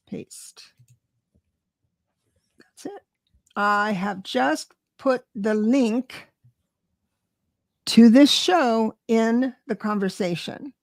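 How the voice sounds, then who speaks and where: Slow-talking woman hosting a live stream. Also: on the high side, no room sound, clean studio sound. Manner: chatty, greets viewers by name. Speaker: livestream host. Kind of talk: casual live-stream chat.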